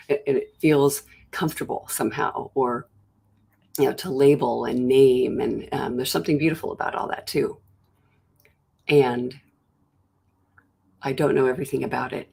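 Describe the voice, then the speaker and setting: A host giving a slow, searching reflective monologue, pausing often and acting out inner thoughts as quoted asides. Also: medium pitch, gravelly, slightly rough. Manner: slow, searching delivery with long pauses and soft trailing phrases. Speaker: host of a self-inquiry show.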